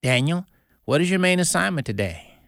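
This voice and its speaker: A man's voice: a little high, sing-song, moderate pace, gravelly, a bit bright, no echo, studio quality, heavily acted. A man voicing a male angel supervisor asking about the day's task. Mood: inquiring.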